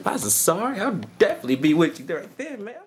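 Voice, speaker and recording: Man doing a nervous, stammering male servant, fawning, pitched high and swinging wildly; comic bit. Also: big pitch swings, fast. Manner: stammering, pleading, eager to please.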